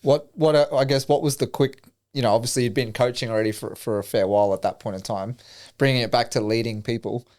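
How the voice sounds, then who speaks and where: A man's voice: medium pitch, steady tone, fast talker, a little mellow. A man hosting a casual interview, asking long, rambling questions full of fillers. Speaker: podcast host.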